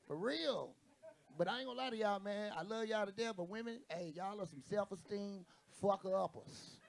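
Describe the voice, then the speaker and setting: A man's voice: sits high, normal speed, gravelly. A man doing a stand-up set on a comedy stage, brash and profane, acting out the people in his stories. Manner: brash, profane, acts out quoted voices. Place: comedy stage with live audience.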